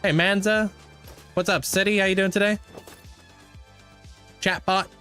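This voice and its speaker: A man's voice: sits high, flat delivery, measured pace, bright, forceful tone, clear, resonant tone, faint music behind. A young man livestreaming a game, chatting casually and greeting viewers by name. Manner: laid-back, thanks and greets viewers by name. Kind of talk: casual chat with live viewers while playing.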